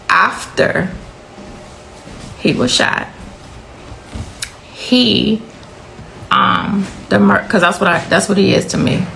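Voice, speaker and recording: A middle-aged woman speaks with a heavily gravelly, creaky voice that swings widely in pitch. She talks intensely, repeating key phrases for emphasis as she recounts her own story. A faint noise floor sits behind her. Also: fairly bright tone, poor audio. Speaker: mother of a victim. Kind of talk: emotional personal account.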